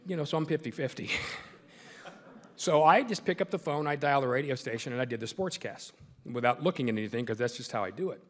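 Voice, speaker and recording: A middle-aged male sportscaster giving a folksy, joking speech to a club in a large meeting hall. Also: mid-range voice. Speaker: sportscaster and guest speaker. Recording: echoey hall with long reverb.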